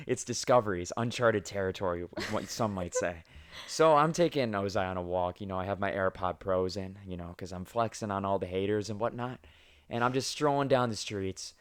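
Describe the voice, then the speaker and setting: A young man in his twenties hosts a casual podcast, telling rambling stories about his day. He swears freely and mocks himself. His voice sits fairly low. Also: normal speed, smooth. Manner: crude, self-mocking, swears freely. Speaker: podcast host. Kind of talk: casual storytelling chat.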